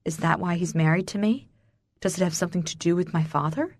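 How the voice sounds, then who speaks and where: In a close, dry recording with no room sound, a woman with a lowish voice reads a first-person romance audiobook. Her delivery is breathless, intimate and emotional, yet her tone stays steady. She moves at a brisk pace with a slightly mellow quality.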